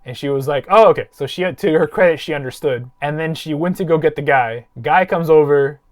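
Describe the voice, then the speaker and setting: A man hosting a podcast, telling a long story in casual, profane chat. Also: on the high side. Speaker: podcast host.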